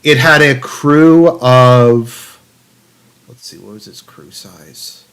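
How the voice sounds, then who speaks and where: Guy on a stream reading some article out loud all fake-dramatic, then muttering snarky asides, average pitch. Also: slow. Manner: reads passages in a raised, mock-dramatic tone, then cuts in with dry, sarcastic asides; profane, rambling, many fillers. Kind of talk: live commentary on an article.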